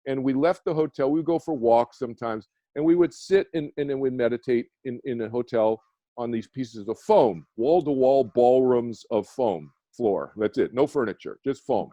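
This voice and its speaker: A man's voice: mid-range voice, normal speed, warm tone, no echo, highs cut off. A man, a meditation teacher, telling a personal story as a radio guest, earnest and rambling with many restarts. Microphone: phone or video call.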